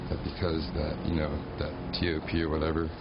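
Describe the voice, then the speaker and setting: A man's voice: extremely low pitch, completely flat delivery, fast, heavy background noise. A man defending himself in a rambling way during a house meeting argument. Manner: rambling, defensive, full of restarts. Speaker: reality show houseguest. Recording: slightly dull TV audio.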